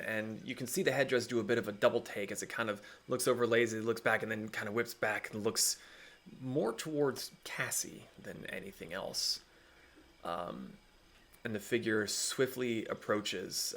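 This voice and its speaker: A man's voice: lowish voice, fairly bright tone. A man acting as dungeon master, narrating a tabletop game with frequent ums and restarts.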